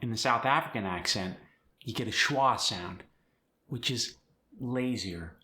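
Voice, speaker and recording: A man's voice: on the low side, a little slow, pushed and bright. A man teaching an in an upbeat, step-by-step tutorial. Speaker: accent coach. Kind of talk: instructional tutorial.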